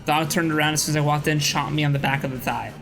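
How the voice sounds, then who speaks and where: A young man hosts a stream, talking fast in a fairly high, creaky voice with fairly even intonation. He chats casually and tells a rambling story full of restarts and swearing, while music plays faintly behind on a low-quality recording.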